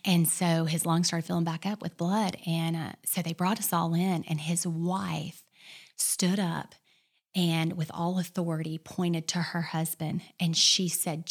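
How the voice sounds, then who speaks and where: A woman sharing a personal testimony in a casual talk, earnest, sometimes dropping to a hushed whisper and rising to fervent declarations. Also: on the low side, little pitch movement, unhurried. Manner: earnest storyteller, drops to a whisper for quoted prayers and builds to fervent. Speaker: guest.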